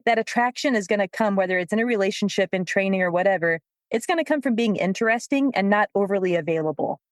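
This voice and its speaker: A woman co-hosting a podcast, a dog trainer telling stories with a lively manner and frequent laughter. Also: medium pitch, dry recording, clean studio sound. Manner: lively storyteller, laughs often. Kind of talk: casual podcast chat.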